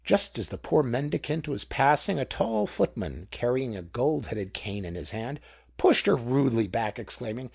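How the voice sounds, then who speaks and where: Male audiobook narrator, dramatic, husky and gravelly, lively delivery. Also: medium pitch, normal speed, dry recording, clean studio sound. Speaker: audiobook reader. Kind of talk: scripted narration.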